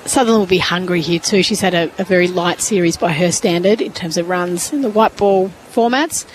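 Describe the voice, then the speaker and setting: A woman's voice: fairly low pitch, brisk, slight background noise, poor audio. A woman giving thoughtful, analytical cricket commentary from a ground's commentary box.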